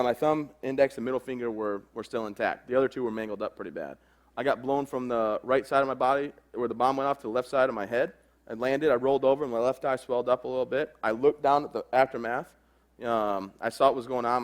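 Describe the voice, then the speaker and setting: A man in his thirties speaking at a fast clip, his pitch sitting in a middle register. He tells his own story to a crowd frankly and plainly, with quick asides. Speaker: army veteran speaker. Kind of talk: personal testimony talk.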